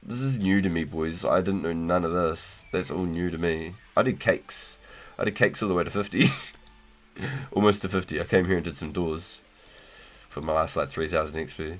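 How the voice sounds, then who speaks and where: Deep-voiced laid-back male streamer. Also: moderate pace. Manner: relaxed, slangy, swears and laughs often. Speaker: livestream host. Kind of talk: casual livestream chat.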